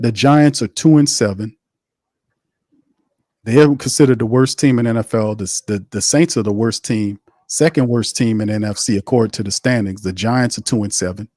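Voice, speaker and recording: A male host delivers live sports commentary in a blunt, heated rant full of slang and cursing. His voice sits at an ordinary male pitch, recorded close and dry with no room sound. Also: darkish tone, dry recording.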